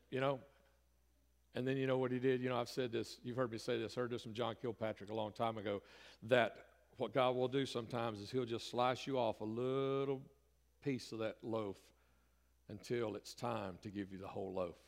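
A middle-aged pastor delivers a folksy, conversational sermon. His voice sits at an ordinary pitch for a man and climbs into emphatic bursts. The sound carries a long reverb from the church hall. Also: fairly even intonation, moderate pace. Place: church sanctuary.

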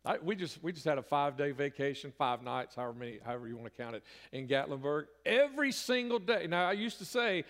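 Folksy pastor preaching in a hall. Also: male voice, on the high side, lively intonation, quick pace, few pauses, fairly bright tone. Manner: folksy, conversational preaching with rising emphatic bursts. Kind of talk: sermon. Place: church sanctuary. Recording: reverberant church hall.

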